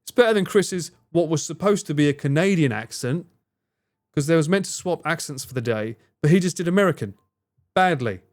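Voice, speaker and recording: A man's voice: a little high, animated, a little fast. A man chatting casually on a live stream, rambling and swearing now and then as he reads out and answers viewers' messages. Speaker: livestreamer reading and answering chat.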